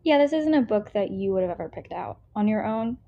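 A woman's voice: mid-range voice, lively intonation, a little fast. Rambling young American woman, dull sound. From United States. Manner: rambling, filler-heavy, self-interrupting. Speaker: book podcast co-host. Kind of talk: casual book review chat.

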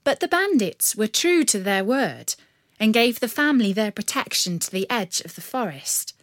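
A woman reading a storybook aloud in a measured, expressive way. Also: medium pitch, no echo, studio quality. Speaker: narrator. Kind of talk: storybook narration.

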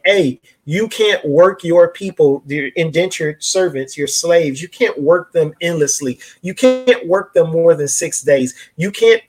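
Husky-voiced man speaking with fervor. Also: on the high side. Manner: preacherly, cites scripture, frequent restarts. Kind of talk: impassioned casual discussion.

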